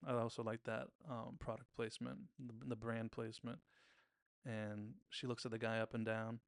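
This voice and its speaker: Gravelly man casually recapping a show. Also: mid-range voice, level tone, normal speed, no room sound, studio quality. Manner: chatty, retells scenes by briefly mimicking characters' lines. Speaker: podcast host recapping a TV episode. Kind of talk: casual episode recap commentary.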